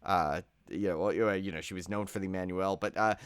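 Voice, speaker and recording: Man, podcast co-host, tired, rambling, jokey, lowish voice, dry sound. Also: fairly even intonation, quick pace, clear, resonant tone, dry recording. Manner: rambling, jokey, wanders off on tangents. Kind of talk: casual chat.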